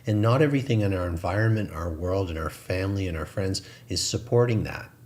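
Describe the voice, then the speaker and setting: Guy with a really low voice, co-hosting a spiritual talk show, kinda preachy and reflective. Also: expressive, fairly quick, darkish tone. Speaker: co-host.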